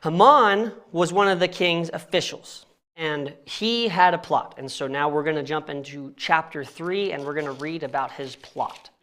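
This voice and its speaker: A man's voice: fairly high pitch, normal speed, a bit bright. A young man reading scripture aloud and teaching it casually in a church, often stumbling over names and laughing at himself. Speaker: Bible study teacher.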